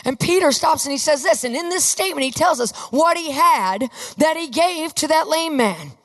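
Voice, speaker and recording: A woman preaching a sermon with fervor, often rising to emphatic shouts. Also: sits high, animated, moderate pace. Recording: long reverb of a large hall.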